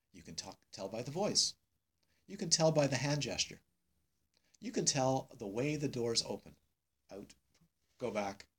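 Husky man giving a dharma talk. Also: mid-range voice. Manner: warm, emphatic, repeats phrases, many pauses and fillers. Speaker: Buddhist meditation teacher. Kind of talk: dharma talk to retreat students. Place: meditation hall.

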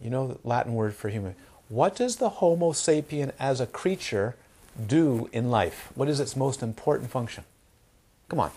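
A man giving a Dharma talk to students, full of rhetorical questions and playful asides. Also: mid-range voice. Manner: animated, asks rhetorical questions, acts out crying babies. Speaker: Dharma teacher.

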